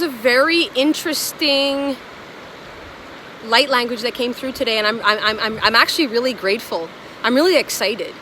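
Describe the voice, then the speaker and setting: A woman's voice: on the high side, noisy background. A woman talking to her viewers in a casual spiritual vlog, earnest and gushing, repeating affirmations and restarting her sentences. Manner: halting, many restarts. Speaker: spiritual vlogger channeling light language.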